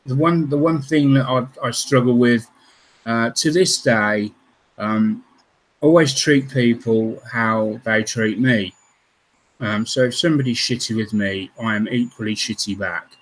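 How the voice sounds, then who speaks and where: On a rough recording, a scale modelling channel host talks at medium pitch and a little slowly. His casual livestream stories about his past ramble and stall, packed with ums and restarts.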